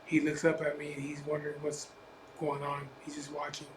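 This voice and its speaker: A man's voice: fairly high pitch, monotone, fairly quick. A man telling a personal story in a blunt, profane, emphatic way, casual storytelling style as a biker vlogger. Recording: echoey room with faint ambient noise.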